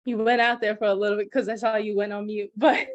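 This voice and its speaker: A woman's voice: medium pitch, fast talker, dry recording, muffled recording. Chatty young woman, dry sound. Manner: chatty, laughs, speeds up when excited. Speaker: program graduate. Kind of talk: casual video-call conversation.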